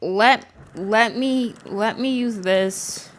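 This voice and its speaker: A woman's voice: mid-range voice, extremely slow. A woman playing a video game and commenting, exasperated and talking back to the characters on screen. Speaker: gaming streamer. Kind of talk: let's-play commentary.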